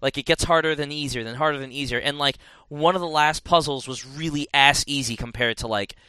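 A man's voice: a little high, brisk, sharp tone, clear, resonant tone, no echo. A man in casual podcast chat, rambling and correcting himself as he reviews a game. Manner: rambling, self-correcting, chatty.

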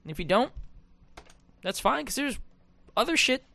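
A man's voice: very high voice, big pitch swings, normal speed, gravelly, sharp tone, no room sound. A young man hosting a podcast, talking in a loose, rambling monologue full of fillers and self-deprecating asides. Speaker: podcast host.

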